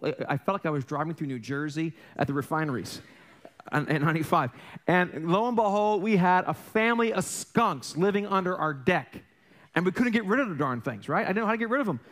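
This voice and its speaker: A man's voice: a little high, fairly bright tone. A middle-aged man preaching a casual sermon as a pastor, joking and asking the congregation questions. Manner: conversational, self-deprecating, jokey storytelling; frequent restarts and rhetorical questions to the congregation. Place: church sanctuary.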